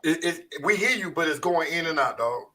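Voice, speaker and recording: A man's voice: fairly high pitch, lively intonation, normal speed, a crowd in the background. A man on a casual car talk panel who teases the others and laughs often. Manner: playful, laughs often, teasing. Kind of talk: casual group discussion.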